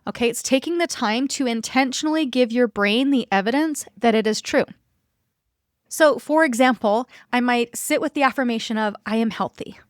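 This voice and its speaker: A woman's voice: on the high side, moderate pace, no echo, clean studio sound. A woman in her thirties hosting a self-help podcast, coaching listeners in an encouraging way and regularly checking in with them. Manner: guides listeners through reflection.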